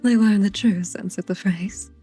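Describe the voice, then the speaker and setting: Soft-spoken woman reading in ASMR. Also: mid-range voice, moderate pace, breathy edge, faint music behind. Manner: soft-spoken reading with playful teasing asides. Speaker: streamer and host reading aloud.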